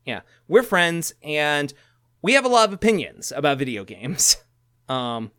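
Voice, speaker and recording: A man co-hosting a podcast in casual chat, rambling and halting, often laughing. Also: a little high, big pitch swings, a bit bright, smooth, no echo, studio quality. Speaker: podcast co-host.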